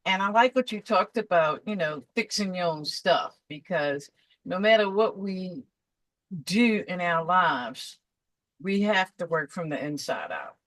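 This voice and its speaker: Eager low-voiced woman host, dry sound. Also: animated, a little slow, no echo, poor audio. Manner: eager, warmly effusive. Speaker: interview host. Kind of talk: enthusiastic introduction and chat.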